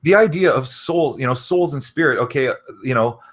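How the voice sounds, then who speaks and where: A man's voice: medium pitch, fairly quick, a bit bright. A man talking in a rambling casual conversation, full of fillers like "you know" and "okay".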